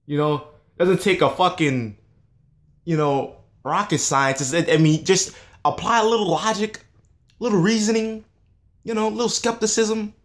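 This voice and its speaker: A man's voice: a little high, normal speed. A man in a casual monologue, ranting in a heated, scornful and profane way.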